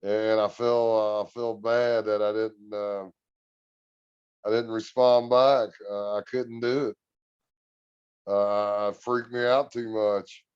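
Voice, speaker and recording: A man guest on a podcast, telling a story in an earnest, relaxed, drawn-out way. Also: fairly low pitch, clean tone, no echo, muffled recording. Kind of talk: casual storytelling.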